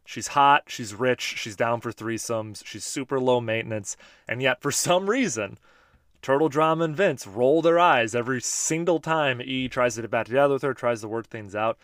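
A man in his thirties hosts a podcast in a casual, joking way. His voice sits at an ordinary pitch and sounds dry and close to the mic. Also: normal speed, a bit bright, no room sound. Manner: laid-back, chatty, joking. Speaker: podcast host. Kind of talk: casual podcast talk reading listener voice memos.

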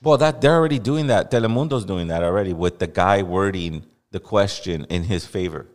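A man's voice: low voice, fairly quick, long reverb tail. A man from Los Angeles hosting a podcast, giving blunt, heated commentary with repeated emphasis. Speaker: podcast host. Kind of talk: casual opinionated commentary.

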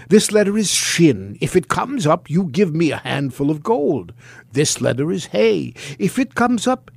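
A man's voice: sits high, gravelly, darkish tone, no room sound, clean studio sound, exaggerated voice. A man voicing a clever trickster hero in a read-aloud storybook, coaxing and sly as he talks a goblin into a game.

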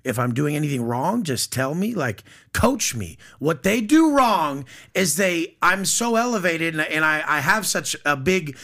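A man's voice: fairly high pitch, big pitch swings, a little slow, few pauses, a bit bright. A man talking as a podcast guest in casual conversation, blunt, profane and boastful.

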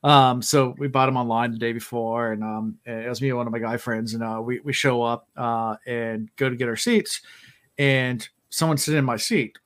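A man chats casually on a podcast, sounding tired after a late night. His voice sits at an ordinary pitch. He wanders through his stories, stopping often with "um" and "like". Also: fairly even intonation, normal speed, fairly bright tone. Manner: rambling storyteller, many fillers. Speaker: podcast host. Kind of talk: casual chat.

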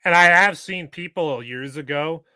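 A man's voice: fairly high pitch, normal speed, pushed and bright, no echo. A man speaking as a podcast guest in an emphatic, lecturing way. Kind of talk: casual interview chat.

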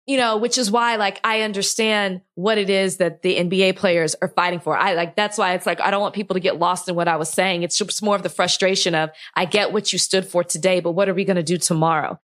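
A woman's voice: lowish voice, fairly even intonation, quick pace, few pauses, a bit bright. A young adult woman co-hosting a podcast, speaking with frustrated passion and close to tears. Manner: impassioned, frustrated, near tears. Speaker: podcast co-host. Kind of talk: emotional podcast commentary.

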